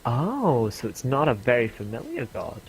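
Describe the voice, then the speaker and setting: A man voicing a flamboyant woman magic shopkeeper who calls everyone darling in a drawn-out, sing-song way. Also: medium pitch, wildly swooping pitch, rough recording. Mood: theatrical.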